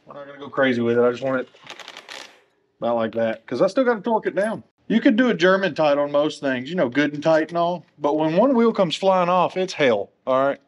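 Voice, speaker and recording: Joking man doing a bike repair tutorial. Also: fairly high pitch. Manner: joking, self-deprecating asides while working. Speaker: motorcycle technician. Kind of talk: casual how-to tutorial. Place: motorcycle workshop.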